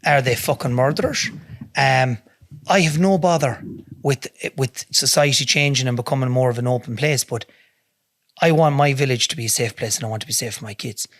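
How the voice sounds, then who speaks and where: A fairly quick, slightly bright, medium-pitched voice belongs to an Irish podcast guest. In a dry studio recording, he tells a casual story bluntly, swearing heavily.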